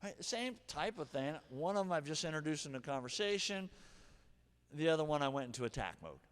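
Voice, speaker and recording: High-voiced animated preacher in a reverberant hall. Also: male voice, fairly quick. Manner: animated, acts out angry and gentle examples. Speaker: pastor. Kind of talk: sermon.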